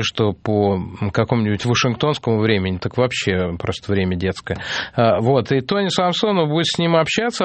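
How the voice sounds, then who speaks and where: A man's voice: medium pitch, no echo. Hesitant male radio host, dry sound. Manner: hesitant, many fillers. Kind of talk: radio announcement.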